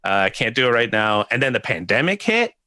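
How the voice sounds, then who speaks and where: A man's voice: mid-range voice, fairly quick, dry recording, clean studio sound. A man chatting as a guest developer on a video call, telling stories with a laugh and poking fun at himself. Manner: laughs often, self-deprecating, animated storytelling. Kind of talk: casual chat.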